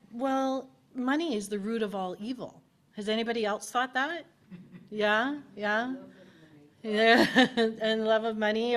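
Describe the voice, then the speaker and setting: A woman spiritual director giving a conversational sermon at a spiritual center and asking the congregation questions. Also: medium pitch. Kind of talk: casual sermon. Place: spiritual center, in person and streamed.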